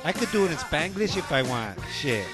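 A man's voice: a little high, big pitch swings, fairly quick, over music. A middle-aged man, co-hosting a radio show in laid-back, slangy, playful chatter. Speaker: radio co-host. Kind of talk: casual radio banter.

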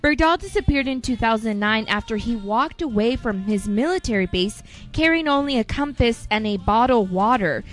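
A woman's voice: fairly high pitch, lively intonation, normal speed, soft background music. Giggly chatty woman co-host. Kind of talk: casual chat and news reading.

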